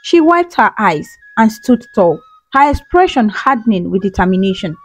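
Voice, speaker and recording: A woman's voice: medium pitch, sing-song, moderate pace, husky, low-quality recording. A woman storyteller giving scripted, dramatic narration of a folktale. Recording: soft music behind.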